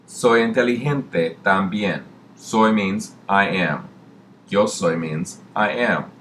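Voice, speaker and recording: A man teaching a Spanish lesson, slowly repeating each example word. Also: fairly low pitch, fairly bright tone, a little hiss or hum. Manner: slow, deliberate repetition of example words. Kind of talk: recorded classroom lesson.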